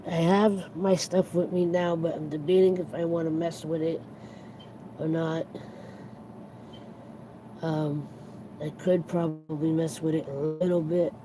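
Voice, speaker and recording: Tired and earnest, a livestream host rambles casually to viewers in a mid-range voice, halting and restarting often as he turns reflective. Background noise runs throughout.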